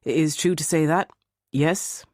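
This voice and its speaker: A man's voice: a little high, unhurried, a little mellow, dry recording, studio quality, lightly acted. A man doing a hesitant Leeds dog handler. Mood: defensive. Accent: Northern English, Leeds. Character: shaven-haired middle-aged male English dog handler. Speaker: witness.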